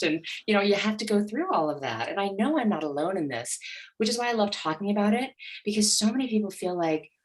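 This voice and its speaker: A middle-aged woman with a low, deep voice speaks as a coach in an interview. She tells her story with energy and often slips into the nervous inner voice she once had. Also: a little fast. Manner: animated, acts out her inner voice. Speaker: guest, money mindset coach.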